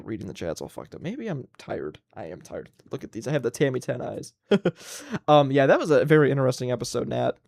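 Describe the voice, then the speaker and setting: A man's voice: medium pitch, gravelly, a little mellow, no echo, studio quality. A man in his twenties hosting a solo livestream, ranting casually and with plenty of profanity. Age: 20s. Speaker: livestream host.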